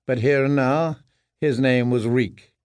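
A man's voice: mid-range voice, fairly even intonation, measured pace, a little mellow, dry recording, clean studio sound. Grave male audiobook narrator. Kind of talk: scripted narration.

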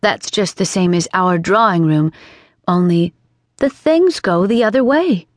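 A woman's voice: fairly low pitch, expressive, measured pace, no echo. A woman voicing a chatty, imaginative young girl in an audiobook, earnest and lilting. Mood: coaxing. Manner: earnest, scolding and dreamy by turns, lilting. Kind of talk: audiobook character reading. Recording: dry studio sound.

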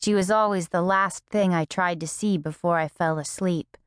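A woman narrating an audiobook in a measured, reflective first-person voice. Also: lowish voice, fairly even intonation, smooth, no room sound, studio quality.

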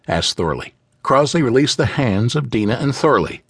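A man reads an epic fantasy novel with an animated, widely varied pitch. His storytelling is vivid and expressive. The studio recording is very dry and close. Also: moderate pace, slightly rough, dry recording. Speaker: audiobook narrator. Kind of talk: scripted fantasy narration.

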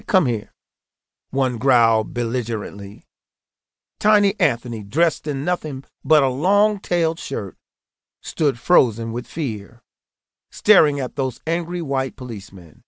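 A man reading an audiobook in a steady, earnest storytelling manner, close to the microphone. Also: medium pitch, dry recording. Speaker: audiobook narrator. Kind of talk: scripted audiobook narration.

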